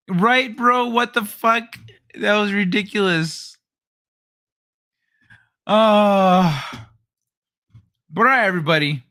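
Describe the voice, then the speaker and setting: Hosting a late-night livestream, a middle-aged man talks slowly with long pauses in a high-sitting voice that sounds pushed and bright. He keeps things loose with his viewers, cracking jokes with chat and cursing freely.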